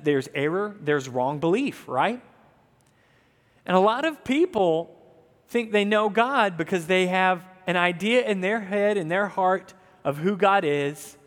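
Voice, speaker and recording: A man in his thirties from the American South, preaching a sermon in an earnest, conversational way with asides to the congregation. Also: sits high. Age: 30s. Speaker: pastor. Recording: long hall reverb.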